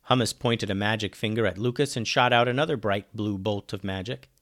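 A man narrating a children's pirate adventure at a middle pitch. He tells it lively and plain, dropping his voice for the speech tags. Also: a little fast. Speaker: storyteller. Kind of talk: reading a children's adventure story.

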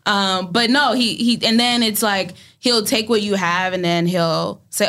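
A young woman, an actor guest in an interview, telling animated stories and acting out quotes. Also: medium pitch, takes it slowly. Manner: animated storytelling, acts out quotes. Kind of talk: casual interview talk.

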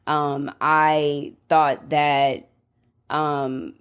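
A woman in her thirties hosts a faith podcast, her voice sitting low. She reads a devotional, then talks it through in an earnest, reflective way, pausing and restarting as she searches for words. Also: level tone, clean tone. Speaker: podcast host.

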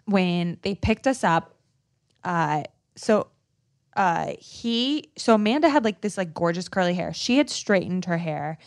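A woman's voice: fairly low pitch, no room sound, clean studio sound. Chatty young woman, filler-heavy co-host. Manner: animated, heavy use of "like", quick asides. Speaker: podcast co-host. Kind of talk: casual chat.

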